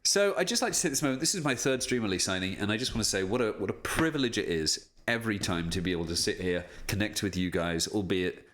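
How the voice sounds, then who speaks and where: A man's voice: deep voice, fast talker, hardly any pauses, fairly bright tone. A man hosting a casual live stream from his room, chatting with viewers, reading out their messages and joking at his own expense. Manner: chatty, jokey, reads chat aloud, self-deprecating. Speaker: voice actor streaming a signing. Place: home room with lamps and streaming setup.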